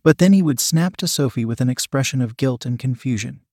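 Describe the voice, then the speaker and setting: A man's voice: medium pitch, lively intonation, fairly quick, darkish tone, no room sound, clean studio sound. Man reading an erotic story.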